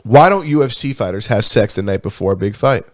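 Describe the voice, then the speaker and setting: A man's voice: on the low side, animated, fairly quick. A man co-hosting a podcast, bantering casually with loose, profane humor. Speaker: podcast co-host. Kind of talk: casual chat.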